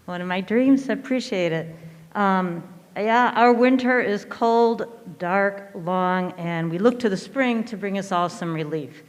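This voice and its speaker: A middle-aged woman, an educator, reading a measured and earnest prepared statement at a school board meeting. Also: medium pitch. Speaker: educator giving public comment. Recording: hall reverb.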